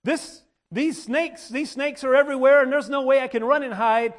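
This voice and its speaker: Male preacher with a high voice, sermon delivery, repeats phrases for weight, clears his throat often. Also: fairly even intonation, normal speed. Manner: repetitive, restarting phrases, dramatic emphasis.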